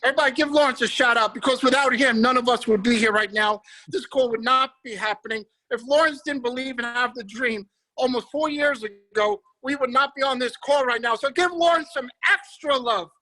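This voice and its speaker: A man leading a guided visualization on a group video call, energetic and emphatic, repeating his phrases. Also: very high-pitched, fairly quick, low-quality recording. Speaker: motivational speaker.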